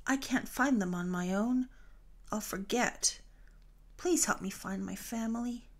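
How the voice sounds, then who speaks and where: A woman voicing a forgetful, eager young female fish in a storybook read-along, pitched high and pleading. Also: a little slow, close to an everyday voice.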